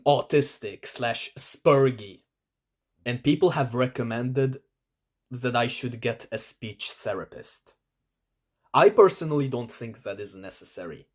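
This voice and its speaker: A man talks to camera at an unhurried, deliberate pace. His delivery is halting, full of repeated restarts. He sounds self-conscious, working to keep his voice at a middling pitch and a flatter, plainer register. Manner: self-conscious, trying to talk in a lower, flatter way. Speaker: vlogger. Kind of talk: self-recorded talk to camera.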